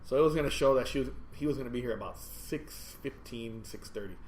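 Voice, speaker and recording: A man telling a rambling, animated story in casual chat, with frequent restarts. His voice sits at an ordinary middle pitch, and the recording is roomy and echoey, made inside his store. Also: brisk, slight background noise. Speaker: podcast host and store owner. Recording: echoey room.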